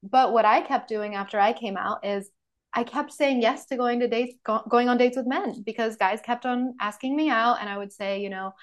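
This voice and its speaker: A woman's voice: a little high, fairly even intonation, normal speed. A young adult woman hosting a podcast, telling stories candidly and animatedly in casual conversation, swearing freely. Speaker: podcast host.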